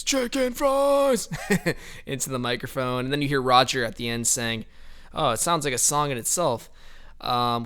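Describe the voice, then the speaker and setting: Young guy rambling about his band's old album, giggles a lot, smooth clear voice. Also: medium pitch, sharp tone. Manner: rambling, laughs often, fillers and hedges. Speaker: band member giving album commentary. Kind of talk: casual commentary.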